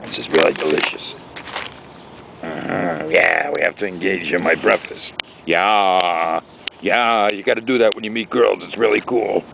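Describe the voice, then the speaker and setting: A man's voice: sits low, measured pace, gravelly, background noise. A man talking casually to his camera outdoors by a lake, rambling and ranting in a chatty vlog. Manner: rambling, chatty, exaggerated rants. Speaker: vlogger.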